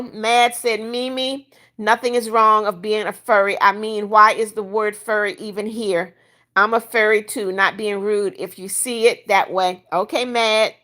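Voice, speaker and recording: An older woman with a slightly high, somewhat bright voice hosts a casual livestream. She reads viewer comments aloud and bluntly kicks out troublemakers.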